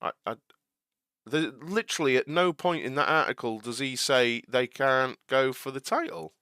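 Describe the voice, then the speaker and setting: This young man's medium-pitched voice is bright, forceful, and smooth, with no echo. While hosting a live watch-along stream, he responds to chat earnestly and a bit exasperated, often restarting sentences and repeating words in a halting way.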